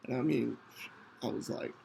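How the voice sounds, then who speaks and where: A man hosting a podcast, telling a personal story in an earnest, halting way with many restarts. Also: medium pitch, gravelly, warm tone, a little hiss or hum, rough recording. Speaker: podcast host.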